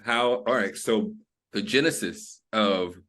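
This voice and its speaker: A man hosting a podcast interview, affirming his guest with slang and summing up in quick follow-up questions. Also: lowish voice, a bit bright. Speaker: podcast host. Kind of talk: casual conversational interview.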